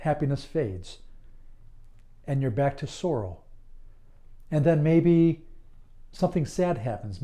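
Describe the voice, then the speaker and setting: A hypnotist man talks to the listener in a calm, deliberate monologue that soothes and reassures. His voice sits a little high for a man yet sounds mellow and warm, never sharp. He leaves long pauses between phrases. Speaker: certified hypnotist. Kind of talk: slow, earnest promotional monologue.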